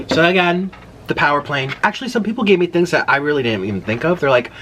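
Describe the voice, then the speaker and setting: Young male mukbang host, casual and animated, voice on the higher side. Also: quick pace, a little hiss or hum. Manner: animated, exclaims loudly at spicy food. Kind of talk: casual eating vlog chat.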